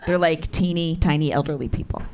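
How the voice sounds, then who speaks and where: A middle-aged woman performing stand-up comedy on a club stage, with deadpan, brash, swearing punchlines. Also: low-pitched, a little fast. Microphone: handheld stage mic. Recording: live club recording with loud crowd. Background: audience laughter.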